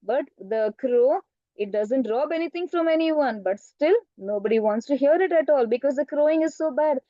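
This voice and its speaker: A woman's voice: high voice, expressive, normal speed, dry recording, highs cut off. A woman teacher telling a story in an online class, often asking questions and checking "right?". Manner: asks the class questions, frequent "right?" and "okay". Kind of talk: storytelling lesson for children.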